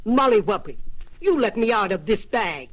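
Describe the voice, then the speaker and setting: Storybook: the giant's fretful wife, voiced by a male narrator, shrill, high and insistent. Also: sing-song, normal speed, a bit bright, exaggerated voice, low-quality recording. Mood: demanding. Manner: shrill, pleading, raised. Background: background music.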